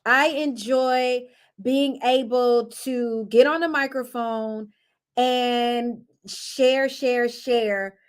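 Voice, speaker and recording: Chatty young mom vlogger, high voice, unhurried delivery. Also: female voice, steady tone, clear, resonant tone. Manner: chatty, laughs often, talks to her kids mid-sentence. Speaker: vlogger and mother. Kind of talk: casual chat to camera.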